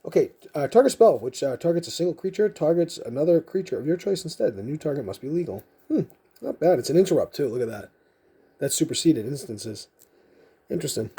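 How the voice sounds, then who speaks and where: A man's voice: on the high side, sing-song, fairly quick, mellow, breathy edge. A man vlogging casually as he sorts through collectible cards, thinking aloud in a rambling, self-mocking way. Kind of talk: casual unscripted commentary.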